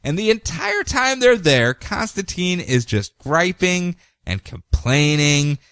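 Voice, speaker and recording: A man co-hosting a podcast, casually recapping comic book stories in an animated way and slipping into quick character voices. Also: high voice, no echo, clean studio sound. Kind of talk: casual chat.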